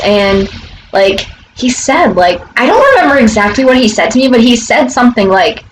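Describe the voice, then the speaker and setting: A woman's voice: medium pitch, expressive, brisk, slight background noise, rough recording. A young woman vlogger telling a casual story outside her front door, rambling with many fillers and swearing.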